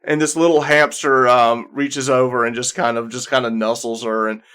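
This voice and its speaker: A man's voice: mid-range voice, flat delivery, moderate pace, a bit bright, smooth. A man running a tabletop game, narrating casually with lots of fillers. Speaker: game master.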